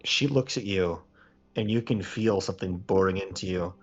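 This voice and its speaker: A man's voice: low-pitched, normal speed, muffled recording. A man narrating as game master of a tabletop game.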